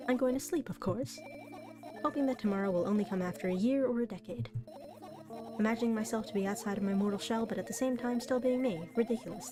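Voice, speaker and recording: A woman streamer reading a visual novel aloud, breaking into chatty, giggly asides between the lines. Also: mid-range voice. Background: soft background music.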